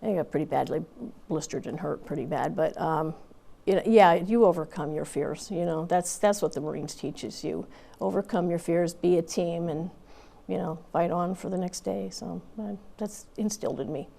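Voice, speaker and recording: Low-voiced woman veteran telling stories. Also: normal speed, vocal fry, warm tone. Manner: candid and conversational, with frequent fillers and restarts. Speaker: Marine Corps veteran. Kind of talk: interview storytelling.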